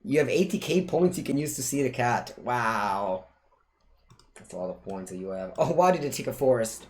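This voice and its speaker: Lively male streamer. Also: mid-range voice, normal speed, slight background noise. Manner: chatty and playful, breaking off to talk to his cat. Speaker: streamer playing a digital card game. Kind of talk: casual live-play commentary.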